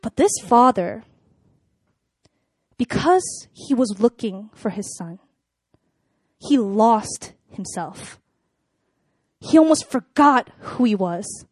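A young woman with a high, bright-sounding voice talks to a room full of people in a relaxed, sermon-like way. She is chatty and animated, with lots of filler words. The sound is close and dry, with hardly any room echo. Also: takes it slowly, pauses often. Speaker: speaker at a church gathering. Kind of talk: casual sermon talk. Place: room with a live audience.

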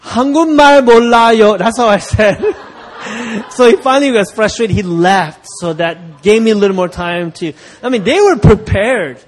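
A middle-aged male pastor tells a story from the pulpit with a slightly higher-than-usual voice. He acts out the people he quotes and laughs along with his listeners. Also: normal speed. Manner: animated, laughing while acting out quoted voices. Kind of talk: sermon storytelling.

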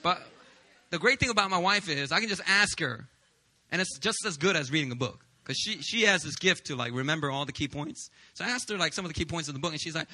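A man in his thirties preaching a sermon as a pastor, telling lively, joking stories. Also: fairly high pitch, fairly quick. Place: church service.

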